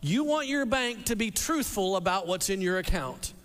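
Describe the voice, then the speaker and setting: A man preaching a sermon to a congregation, animated and repeating words as he restarts and acts out quotes. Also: sits high, normal speed. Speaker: pastor. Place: church hall with a congregation. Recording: long reverb of a large hall.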